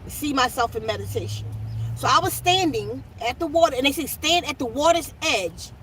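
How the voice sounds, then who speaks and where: Woman host, high voice, casual spiritual teacher, emphatic and repetitive; noisy car interior. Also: lively intonation, normal speed, fairly bright tone. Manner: emphatic, repeats instructions to viewers; addresses audience as y'all. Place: inside a moving car with the window down.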